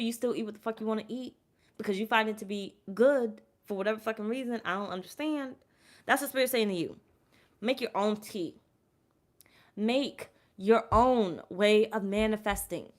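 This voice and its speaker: A woman doing a casual tarot reading to her viewers, blunt and profane, addressing them directly and swinging between loud urging and quiet asides. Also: fairly high pitch. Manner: talks straight to her audience as "y'all". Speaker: tarot reader.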